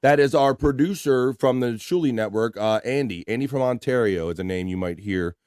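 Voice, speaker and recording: A man's voice: medium pitch, brisk, a little mellow, clear, resonant tone, dry recording, clean studio sound. A man hosting a livestream in a casual, laid-back chat, reading out viewer comments and swearing freely. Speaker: livestream host.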